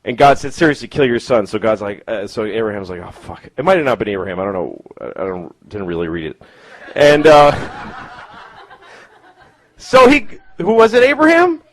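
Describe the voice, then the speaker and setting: Animated, rambling stand-up comedian man. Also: fairly low pitch, moderate pace, no room sound, poor audio. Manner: rambling and profane, self-mocking asides. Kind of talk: stand-up set. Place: comedy club.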